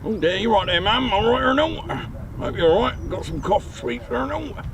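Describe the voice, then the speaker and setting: A man's voice: high-pitched, expressive, moderate pace, gravelly, a crowd in the background, pitched above the performer's own voice. A man voicing a chatty middle-aged male base security guard, rambling and joking outdoors. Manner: rambling, jokey, repeats "there now". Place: outdoors at an airfield viewing area.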